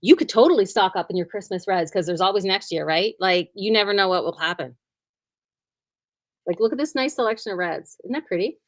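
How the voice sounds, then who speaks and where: A woman's voice: mid-range voice, lively intonation, brisk, dry recording. A woman who owns a quilting shop, chatting casually and cheerfully about sales in her store, often humming and saying "like". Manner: chatty and upbeat, hums and says "like" often.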